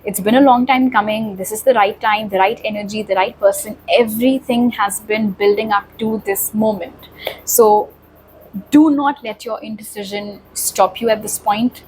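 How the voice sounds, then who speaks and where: A woman doing a pick-a-card tarot reading speaks directly and reassuringly to her viewers. Her medium-pitched voice is steady and at normal speed, on a low-quality recording with slight background noise.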